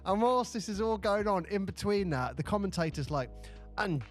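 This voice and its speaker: A man co-hosting a podcast, telling stories in a rambling, animated way with many restarts. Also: sits high, brisk, soft background music. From United Kingdom. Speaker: podcast co-host. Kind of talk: casual chat.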